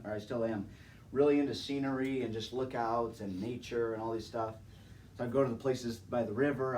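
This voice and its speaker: A young man tells his personal testimony in a relaxed, chatty way, dropping "man" and "dude" as he goes and laughing along with his listeners. His voice comes from a mic set well back from him, with a faint hiss of background noise. He speaks at an ordinary pitch. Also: far from the mic, rough recording.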